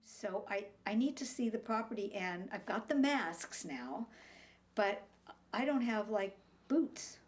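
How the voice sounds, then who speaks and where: A woman who survived a wildfire, quietly recounting what happened with halting pauses. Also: mid-range voice, expressive. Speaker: fire survivor interviewee. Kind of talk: personal storytelling.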